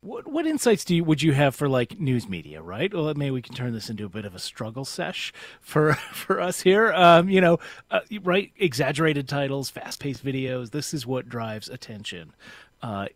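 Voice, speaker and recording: Radio host guy, bouncy animated voice, broadcaster delivery, dead dry studio sound. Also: mid-range voice, normal speed, no room sound. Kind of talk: radio interview.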